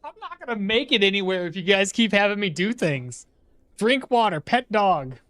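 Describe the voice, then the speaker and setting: Fields: Role: game streamer. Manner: lively, chatty. Pitch range: wide. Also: moderate pace, no echo. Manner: animated, chatty, talks to chat and coos at a pet. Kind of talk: casual live-stream chat while playing.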